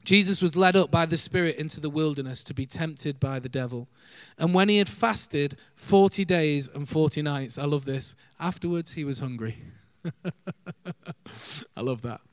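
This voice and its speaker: A man's voice: on the high side, normal speed, dry recording. A man preaching a sermon, earnest, shifting his pace and volume for emphasis, with light laughs.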